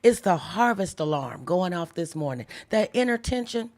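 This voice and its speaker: A woman with a slightly low-pitched voice hosts a live devotional stream. She talks loosely and conversationally with her viewers, reading their comments aloud. On each key teaching point she slows right down and leans on the words. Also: big pitch swings, a little mellow. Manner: chatty, reads viewer comments aloud, slows down for emphatic lines. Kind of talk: casual livestream devotional preaching.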